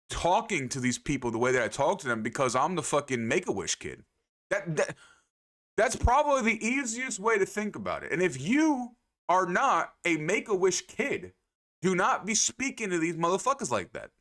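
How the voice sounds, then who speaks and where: A man's voice: sits high, very animated, moderate pace, a bit bright. A young adult man livestreaming, ranting casually to his chat in a profane, emphatic way, repeating phrases for effect. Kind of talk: casual rant to stream chat.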